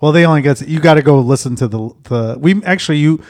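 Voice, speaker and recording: A man's voice: on the high side, quick pace, darkish tone. A man hosting a podcast, chatting casually with wry, ribbing humor. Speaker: podcast host. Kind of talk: casual chat.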